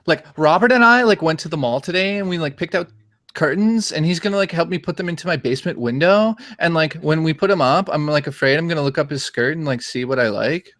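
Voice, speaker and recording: A man's voice: on the high side, fast talker, a bit bright, voice pushed up, close to an everyday voice. A man voicing a ditzy valley girl gossiping about a trip to the mall. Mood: gossipy.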